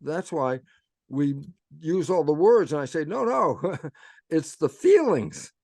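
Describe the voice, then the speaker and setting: With a fairly high, sing-song voice that is a little mellow, a man speaks slowly with no echo. As a guest speaker he explains things by telling a story, often self-quoting with "I say" and "I go" and posing rhetorical questions.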